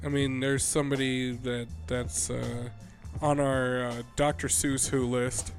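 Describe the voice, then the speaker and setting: A podcast co-host chats casually in a flat, medium-pitched voice, speaking a little slowly and sounding nasally from a cold, somewhat under the weather. He's laid-back and profane, with faint music behind him.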